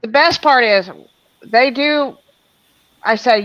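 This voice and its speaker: Woman, bright forceful voice, rambling story, fillers and restarts, dry dull lo-fi audio. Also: on the high side, slow pace, no room sound. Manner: animated, many fillers and restarts.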